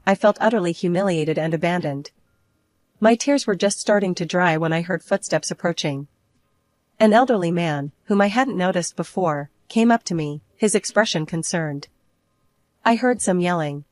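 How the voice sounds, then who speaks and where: Woman narrating a first-person story, lowish voice. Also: moderate pace, dry recording.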